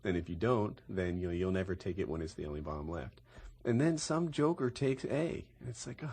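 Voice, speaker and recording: A man's voice: on the low side, brisk, darkish tone, breathy edge. A young man chatting casually with friends about gaming, rambling and correcting himself as he tells stories. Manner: rambling, self-correcting storyteller. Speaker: YouTube gamer, podcast host. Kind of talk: casual group chat.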